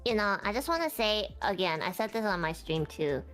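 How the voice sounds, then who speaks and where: A woman's voice: medium pitch, lively intonation, brisk, fairly bright tone, soft background music. A woman from Canada chatting on a stream collab, rambling and earnest, full of "like". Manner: rambling, lots of likes, earnest. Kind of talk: casual stream chat.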